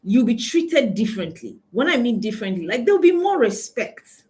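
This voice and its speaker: A woman's voice: a little high, very animated, fairly quick, dark tone. A woman with a Nigerian accent, a money coach giving an emphatic motivational talk, repeating key lines and asking her listeners questions. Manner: laughs often while telling anecdotes.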